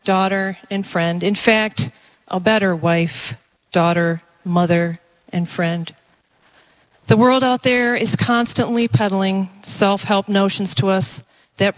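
A woman presenting a scripted spiritual reflection and prayer for a parish mission in an earnest, gentle, prayerful way. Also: medium pitch, low-quality recording.

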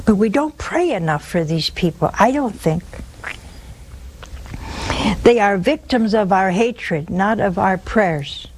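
An older woman speaks slowly and deliberately, offering earnest spiritual counsel to callers. She often doubles back on her words for emphasis. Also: medium pitch, breathy edge, poor audio. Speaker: religious call-in show host. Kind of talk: spiritual counsel on a call-in show.

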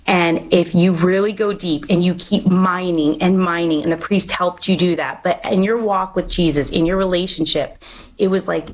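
A woman's voice: fairly low pitch, fairly even intonation, moderate pace, rough recording. Earnest woman hosting a faith podcast. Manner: earnest, preachy, encouraging. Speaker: podcast host. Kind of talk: faith-based interview chat.

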